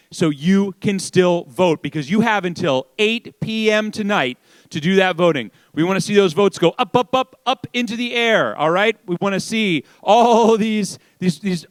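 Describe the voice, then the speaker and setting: A man hosting a live event, hyping up the audience with loud, energetic calls from a stage. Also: high voice, dry recording. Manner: loud, energetic crowd warm-up. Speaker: event host. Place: large event hall with an audience.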